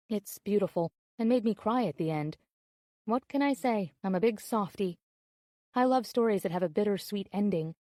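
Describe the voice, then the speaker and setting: A woman's voice: medium pitch, dark tone, no room sound, clean studio sound, close to an everyday voice. An actress playing a bubbly, flirtatious woman writing chatty love emails in an audiobook drama.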